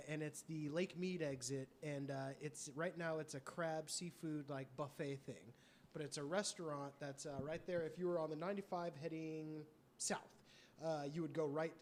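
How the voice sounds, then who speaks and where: A man co-hosting a podcast asks questions and laughs along in casual chat. His voice is on the high side and a little mellow, with fairly even intonation and a moderate pace, and there is a little hiss or hum.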